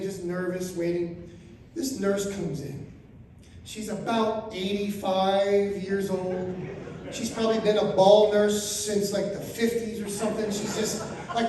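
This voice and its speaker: A male stand-up comedian telling an animated story to a live audience, acting out the people in it and rising to shouts. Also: high voice. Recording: echoey room, mic from far off.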